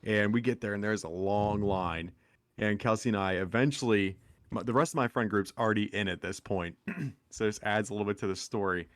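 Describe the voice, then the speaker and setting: Young guy rambling thru a story on his podcast, lowish voice, dead dry mic. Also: a little fast, dry recording. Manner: rambling, animated anecdote with acted quotes. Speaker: podcast co-host. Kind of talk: casual chat, storytelling.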